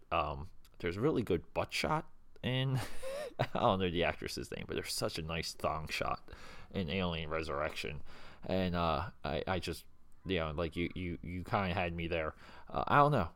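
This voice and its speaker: A man with a deep, low voice talks casually on his own show, drifting from thought to thought and stacking up fillers and restarts. He sounds a little hungover, and the sound is close and dry with no room around it. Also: normal speed, a bit bright, no room sound. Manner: rambling, hesitant, full of fillers and restarts. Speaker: podcast host. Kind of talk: casual solo chat.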